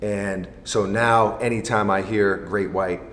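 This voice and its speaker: A man voicing a mock nature-documentary narrator who speaks slowly and with mock seriousness. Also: lowish voice, fairly even intonation, fairly bright tone, pitched below the performer's own voice. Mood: mock solemn. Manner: slow, deliberate, mock-serious. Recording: roomy echo with long reverb.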